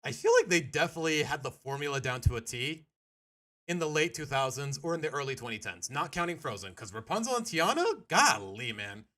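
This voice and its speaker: A man's voice: a little high, very animated, fairly quick, pushed and bright. A young man streaming, chatting casually with his viewers in a rambling, self-correcting way while reacting to a video.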